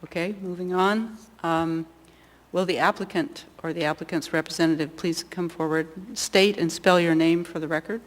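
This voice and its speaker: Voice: medium pitch, fairly even intonation, moderate pace, in a large hall. A board chair running a public hearing, speaking hesitantly with many restarts.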